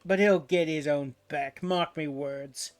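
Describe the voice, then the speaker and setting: A man voicing a swaggering, brutish pirate marauder chief with a rough, threatening growl. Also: a little high, a little slow. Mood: sneering.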